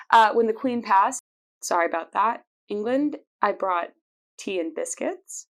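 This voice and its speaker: Woman, twenties, casual storytelling host, playful, laughing, mid-pitched voice. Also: lively intonation, unhurried. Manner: chatty and playful, laughs often. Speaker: podcast host.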